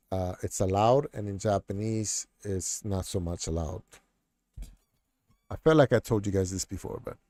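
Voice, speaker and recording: A man's voice: lowish voice, mellow, no room sound. A middle-aged man hosting a casual chat stream, rambling with lots of fillers and restarts. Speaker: streamer host.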